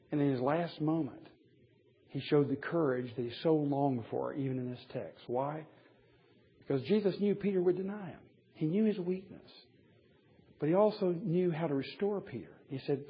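A man's voice: on the high side, moderate pace, husky. A man preaching a sermon to a men's Bible study, emphatic, with wry asides and chuckles at his own points. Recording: dull lo-fi recording.

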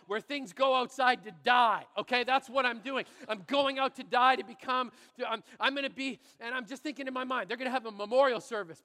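A man from Canada, a pastor, giving a sermon through animated, exaggerated storytelling. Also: very high voice, in a large hall. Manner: animated, exaggerated storytelling that turns quiet and earnest.

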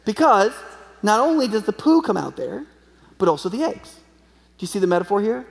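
Gravelly high-voiced joking male pastor. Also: sing-song, brisk. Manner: conversational, joking, uses a live chicken as a prop. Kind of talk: sermon. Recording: long hall reverb.

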